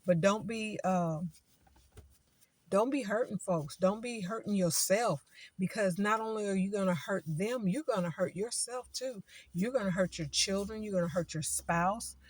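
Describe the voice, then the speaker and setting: A woman's voice: medium pitch, a little mellow, breathy edge, no room sound. A woman talking casually to her viewers, emphatic and repeating words as she lectures, then chats. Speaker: vlogger. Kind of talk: casual vlog talk to viewers.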